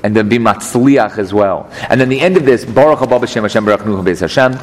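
Man, low voice, teaching a text study, translating line by line, reverberant hall, faint hiss. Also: fast talker. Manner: explaining, translating verse by verse.

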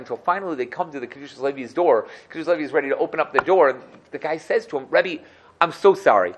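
A man teaching a religious class, telling a story in a conversational, animated way and often checking in with the listeners. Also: mid-range voice.

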